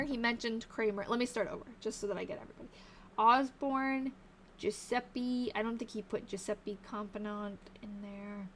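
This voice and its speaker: A woman with a fairly high, slightly bright voice hosts a live stream, tired and yawning, as she researches old diaries. She reads snippets from old newspapers, thinks aloud and chats casually with viewers, with slight background noise.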